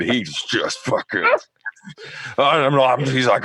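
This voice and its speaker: A man on a casual podcast, telling a lively story full of acted-out quotes and swearing. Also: mid-range voice, moderate pace, slightly rough, dry recording. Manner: animated storyteller, acts out quotes, swears freely.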